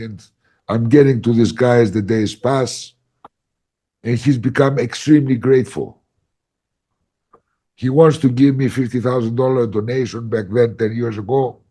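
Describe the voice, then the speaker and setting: A man facilitating ayahuasca workshops, telling a story in a casual podcast chat, animated and emphatic with lots of "like" fillers. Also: medium pitch.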